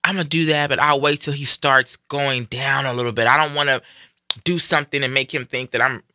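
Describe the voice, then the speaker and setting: Guy hosting a live stream, earnest storytelling, super bright voice, dry sound. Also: medium pitch, fairly quick, no room sound. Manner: earnest, reflective, animated when quoting others. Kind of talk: candid personal storytelling.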